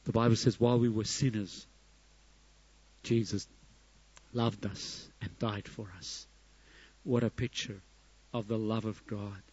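A middle-aged man preaching a sermon, his voice swelling to loud emphatic peaks and then dropping soft. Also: fairly low pitch, little pitch movement, measured pace, pauses often, breathy edge, muffled recording. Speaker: pastor.

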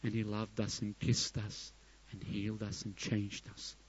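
Slow, emphatic male preacher. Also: lowish voice, monotone, slightly rough, dull audio. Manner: emphatic, surging to loud peaks then dropping soft. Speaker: pastor. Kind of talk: sermon.

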